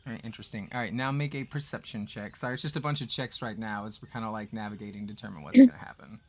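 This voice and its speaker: A man running a tabletop game as game master, who narrates in a relaxed, rambling way with lots of fillers. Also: mid-range voice, fast.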